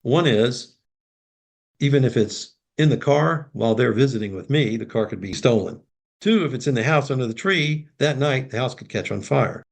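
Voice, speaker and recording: Gravelly older man telling a heartfelt story. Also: mid-range voice, lively intonation, normal speed. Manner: emotional, acts out dialogue. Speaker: guest, professional Santa Claus.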